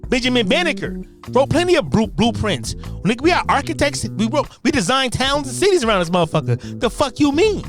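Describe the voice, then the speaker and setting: An American speaker delivering a loud, profane, combative rant that keeps repeating its points. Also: mid-range voice, sing-song, brisk, over music. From United States. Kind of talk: ranting monologue.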